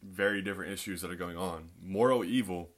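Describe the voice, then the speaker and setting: A man Christian teacher, low voice, earnest and conversational, acts out examples. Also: a little fast. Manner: earnest, conversational, acts out scenes with shouted quotes. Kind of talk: teaching talk on apologetics.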